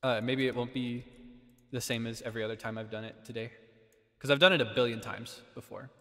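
Guy streamer chatting between karaoke songs, jokey, loud bursts, reverby mic. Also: medium pitch, fairly even intonation, brisk. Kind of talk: casual karaoke stream chat.

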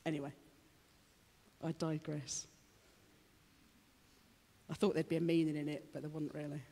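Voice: mid-range voice, little pitch movement, normal speed, dark tone. A preacher giving a sermon, chatty and joking with the congregation, then turning fervent and rousing. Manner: chatty, jokey asides to the congregation. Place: church hall with a congregation. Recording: long church-hall reverb.

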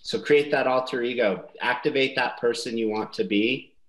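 A man's voice: mid-range voice, moderate pace, fairly bright tone, reverberant, poor audio. A man giving earnest motivational sales advice in a casual webinar chat. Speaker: sales prospecting guest.

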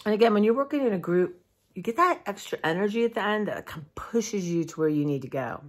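A tired woman, talking heartfelt and rambling to her followers in a casual vlog, clearing her throat now and then. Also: mid-range voice, lively intonation, fast. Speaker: vlogger. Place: dim room at home.

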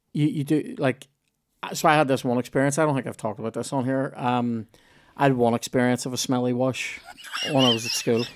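A man hosting a comedy podcast, telling rambling, sweary anecdotes full of restarts. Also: medium pitch. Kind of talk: casual storytelling chat.

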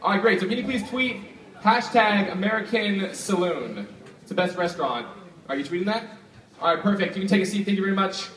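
Working a live show venue, a young stage magician races through his patter in a high-sitting voice, pumping up the crowd and bantering with his helpers, peppering it with "like." The audio is distant and echoey, full of audience noise.

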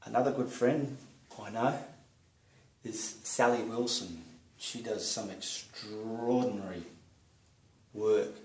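A man with an Australian accent, casually greeting friends in a friendly, unhurried way while he paints. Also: lowish voice. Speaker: artist vlogger. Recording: roomy echo, distant mic.

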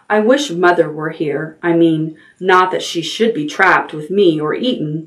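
A woman librarian reading a chapter book aloud at bedtime, unhurried and expressive. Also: low-pitched, recorded from a distance.

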